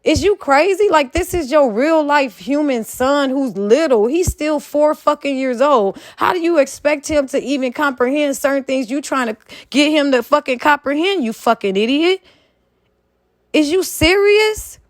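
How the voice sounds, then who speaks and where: Woman, high voice, heated profane rant, scolding, dry close sound. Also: normal speed, dry recording. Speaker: commentary vlogger. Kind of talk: opinion rant.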